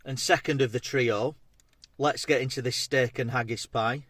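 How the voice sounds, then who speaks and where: A man's voice: medium pitch, fairly even intonation, moderate pace, fairly bright tone, dry recording. A man, chatting casually as he tastes and reviews food on his vlog. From England. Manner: chatty, matey, talks between bites. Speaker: food vlogger.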